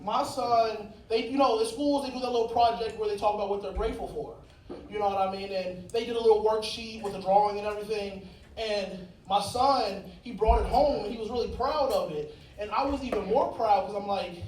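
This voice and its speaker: High-voiced profane stand-up comic. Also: male voice, brisk, recorded from a distance. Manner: crude, profane storytelling. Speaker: stand-up comedian. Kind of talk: stand-up set. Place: comedy club stage. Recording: echoey club mic with loud crowd. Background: audience laughter.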